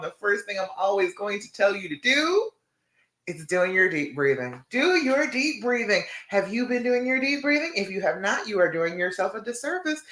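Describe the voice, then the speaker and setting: A woman relationship coach giving a live-stream talk, encouraging her listeners, often checking in with "okay?" and guiding them through slow counted breathing. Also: fairly low pitch, fairly bright tone, reverberant. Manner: encouraging, checks in with frequent "okay?" and "all right?"; slow guided counting during breathing exercise.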